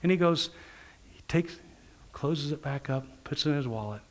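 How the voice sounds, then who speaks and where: A man with a voice on the high side preaches a sermon through stories, animatedly acting out the people in them and often laughing as he talks. He speaks at normal speed.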